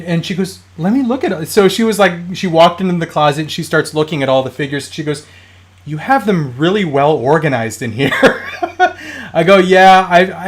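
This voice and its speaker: A man in his thirties hosting a toy collecting live stream, telling stories in a rambling, casual way with many fillers and restarts. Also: a little high.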